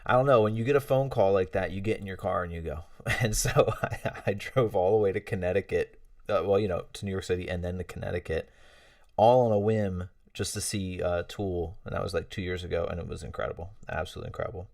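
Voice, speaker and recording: A man's voice: sits low, fast talker, vocal fry, darkish tone, dry recording, studio quality, recorded from a distance. A man hosting a casual livestream, chatting with viewers in a rambling, friendly way with many fillers and chuckles. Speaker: livestream host. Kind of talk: casual livestream chat reading out chat messages.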